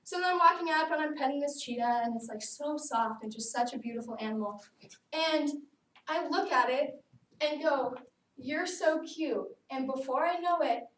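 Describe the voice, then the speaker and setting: High-voiced young woman telling a story. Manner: lively storytelling, often saying "like". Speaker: student speaker. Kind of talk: personal narrative speech. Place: classroom. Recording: echoey room, far mic, faint noise.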